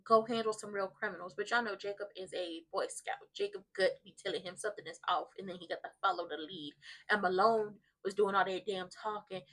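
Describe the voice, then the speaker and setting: A woman's voice: medium pitch, steady tone, brisk, a bit bright. A woman giving a comedic recap of a soap opera episode, talking dramatically and sassily, with mock crying and playful exaggeration.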